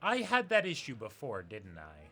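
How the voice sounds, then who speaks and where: A man giving rambling, excitable commentary while streaming a video game. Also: medium pitch, moderate pace. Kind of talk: casual gameplay commentary. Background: faint game music.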